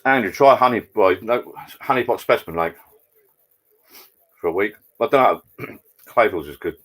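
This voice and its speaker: A man with a low, deep voice, hosting a relaxed live chat over drinks. He banters and jokes cheekily, greets viewers by name and reads out their messages in an easygoing way. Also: moderate pace, breathy edge. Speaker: live-stream host. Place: home garden bar.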